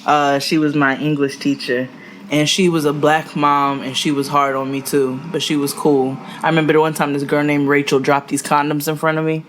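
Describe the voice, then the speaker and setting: A woman co-hosting a podcast, teasing and telling stories in an animated way. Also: deep voice, moderate pace, slight background noise. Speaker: podcast co-host. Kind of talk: casual chat.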